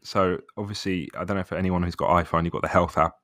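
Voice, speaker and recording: A man's voice: deep voice, steady tone, fast, a bit bright, no echo, studio quality. A man in his thirties co-hosting a podcast, chatting casually and rambling, often saying "bro". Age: 30s. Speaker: podcast co-host. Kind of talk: casual chat.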